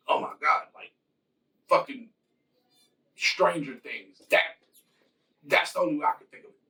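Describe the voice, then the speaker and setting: A man's voice: fairly high pitch, vocal fry, bright, forceful tone, recorded from a distance, rough recording. A man casually retelling a movie plot in a loose, rambling, profane way. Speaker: host.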